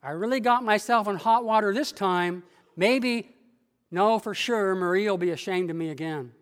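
A man's voice: sits high, moderate pace, long reverb tail, natural voice. A pastor voicing a drunk, argumentative older farmhand who insists he does not believe. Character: drunk middle-aged male farmhand, gruff atheist.

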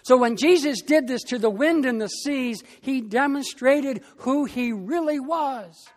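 A pastor preaching a sermon in a slow, emphatic way, with long pauses between phrases. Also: high voice, long reverb tail.

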